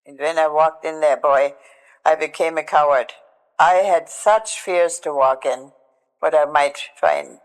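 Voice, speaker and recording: Older woman, halting and emotional. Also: low-pitched, big-room sound, rough recording. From Germany. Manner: halting, emotional, with frequent restarts. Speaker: Holocaust survivor giving testimony. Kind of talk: personal testimony storytelling.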